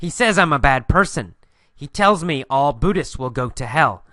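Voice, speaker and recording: A man teaching an English listening lesson, telling a mini story and repeating each line slowly and clearly for learners. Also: fairly high pitch, lively intonation, sharp tone, no echo, clean studio sound. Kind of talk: guided story narration with instructions.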